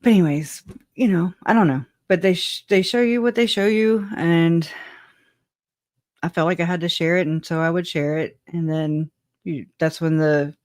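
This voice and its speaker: At normal speed, a mid-range, darkish voice recounts the guest's own side of a personal story, loosely and with frequent laughter, drifting off with "anyways" while responding to live chat. The studio sound is clean, with no echo.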